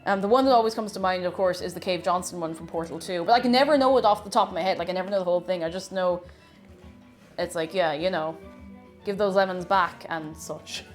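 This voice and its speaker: A woman's voice: lowish voice, fast talker, faint music behind. A woman with an Irish accent casually chatting with her livestream viewers while baking, playfully greeting them by name. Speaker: livestream host.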